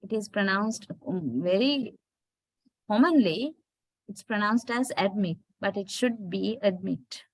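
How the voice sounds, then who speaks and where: A woman's voice: mid-range voice, lively intonation, unhurried, no echo. A woman teaching English pronunciation in a lecture, patiently spelling out words and often checking in with her students. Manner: patient, checks understanding with "right?". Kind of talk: slow classroom lecture.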